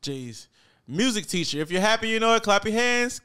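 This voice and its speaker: A young man hosting a casual reaction chat, reading memes aloud with loud excited outbursts. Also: high-pitched, moderate pace, clear, resonant tone. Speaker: host.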